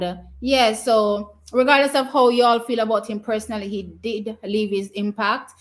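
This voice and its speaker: A Jamaican woman hosting a live stream, casually commenting on races, answering viewers' questions and cheering her team on. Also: mid-range voice. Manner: chatty and excitable, cheering teams on. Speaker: live stream watch party host.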